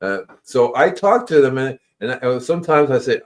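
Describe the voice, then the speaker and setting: A man's voice: lively intonation, moderate pace. A man hosting a gardening livestream, talking casually in a rambling way and repeating his words. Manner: rambling, repeats words, acts out animals in squeaky voices. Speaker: gardening show host.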